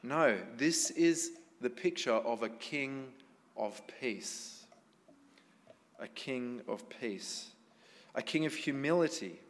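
In a church hall with a congregation, a pastor preaches a sermon conversationally, often asking the listeners questions. His medium-pitched voice moves slowly, and the recording carries a long hall reverb.

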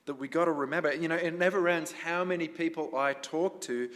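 A male pastor with a fairly high voice delivers a sermon in a relaxed, conversational manner. He keeps turning to the congregation with questions. A long reverb from the church hall trails each phrase. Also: a little fast.

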